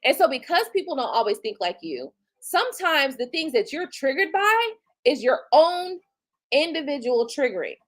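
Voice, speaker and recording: A woman in her forties speaks with a very high voice that leaps all over the place as she rants on her livestream. She is blunt and profane, with features, and she talks straight to her viewers in an animated, mocking way. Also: moderate pace, low-quality recording. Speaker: tarot reader and livestream host. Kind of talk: casual livestream rant.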